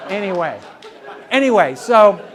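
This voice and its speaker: A man with a high-pitched lecturing voice, wry storyteller. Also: big pitch swings, a little slow, crowd noise, background noise. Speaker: historian giving a talk. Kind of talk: public lecture with anecdotes. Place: talk before a live audience.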